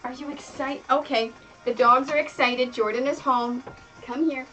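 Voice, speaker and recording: A woman's voice: sits high, fairly even intonation, normal speed, sharp tone, distant mic, rough recording. A woman streaming from her home craft room, chatting casually in a rambling way with many fillers. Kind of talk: casual chat while quilting. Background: music playing.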